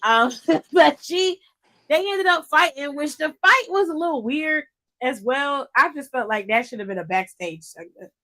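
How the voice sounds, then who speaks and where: A woman with a slightly higher voice than most, talking in a loose, rambling way. She giggles often and trails off into fillers as she chats on a podcast. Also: lively intonation, moderate pace, bright, forceful tone. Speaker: podcast co-host. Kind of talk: casual chat.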